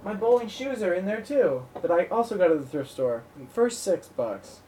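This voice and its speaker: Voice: mid-range voice, big pitch swings, normal speed, warm tone, recorded from a distance, slight background noise. Giggly host rambling in a comedy chat. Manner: giggly, rambling, trails off mid-thought. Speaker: podcast host.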